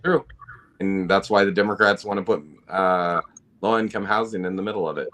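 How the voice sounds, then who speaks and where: A man with a fairly low voice chatting casually on a political podcast. He tosses out jokes and chuckles at his own punchlines, keeping the talk loose and relaxed. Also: brisk. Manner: jokey, laughs at his own quips. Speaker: podcast co-host.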